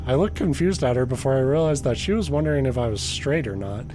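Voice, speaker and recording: A man's voice: medium pitch, expressive, a little fast, dark tone, faint music behind. A man co-hosting a podcast, reading a creepy story aloud and joking about it with a friend, laughing often. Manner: jokey, laughs often, mock voices when quoting. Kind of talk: casual chat and reading aloud.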